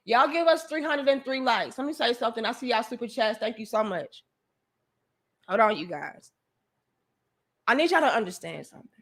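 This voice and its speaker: A woman's voice: on the high side, animated, normal speed, long pauses, a bit bright. A woman hosting a livestream, delivering an emphatic, profane, preachy rant to her viewers. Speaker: livestream host.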